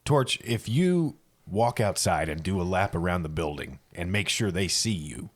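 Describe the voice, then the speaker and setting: A man's voice: low-pitched, lively intonation, moderate pace. A man playing a tabletop game, laying out a plan in a matter-of-fact way. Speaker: player.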